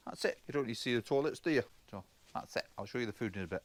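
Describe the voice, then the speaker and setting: A man's voice: mid-range voice, expressive, very fast. A man, a travel vlogger, chatting casually as he walks around a roadside café. He rambles, stumbles and repeats words. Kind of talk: casual walkaround narration. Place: roadside café, partly outdoors.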